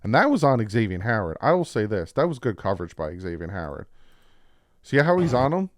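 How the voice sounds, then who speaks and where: A man with a New Jersey accent casually breaking down football practice clips as a channel host, explaining plays with excitement. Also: on the low side, brisk, dry recording. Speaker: sports commentator.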